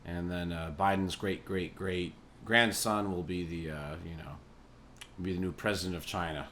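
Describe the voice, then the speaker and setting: A man's voice: sits low, fairly even intonation, normal speed, fairly bright tone, a little hiss or hum. A man hosting a podcast, telling a rambling comedic monologue full of swearing and chuckling asides. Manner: profane, meandering, chuckling asides. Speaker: podcast host and musician.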